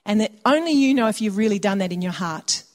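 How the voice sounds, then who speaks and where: A woman's voice: mid-range voice, lively intonation, fast talker. Woman preaching in a reverberant hall. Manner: warm conversational preaching with acted asides. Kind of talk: sermon.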